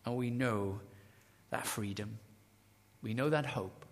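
A man with a medium-pitched, creaky voice preaches slowly, leaving long pauses. The sermon is dramatic, rising to loud declarations and falling to hushed near-whispers as he retells stories with quoted dialogue.

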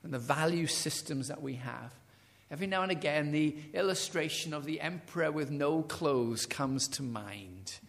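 A man preaching a sermon, dramatic, swinging from loud declarations to hushed near-whispers and retelling stories with quoted dialogue. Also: on the high side, normal speed, vocal fry.

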